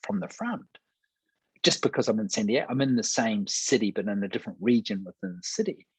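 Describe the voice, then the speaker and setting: A man speaking with a low, husky voice, earnestly telling a testimony and acting out the voices in his story. He sounds close to the mic, and the sound is dry and unroomy. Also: big pitch swings, a little fast, dry recording, poor audio. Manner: earnest storyteller, acts out quoted dialogue. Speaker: pastor.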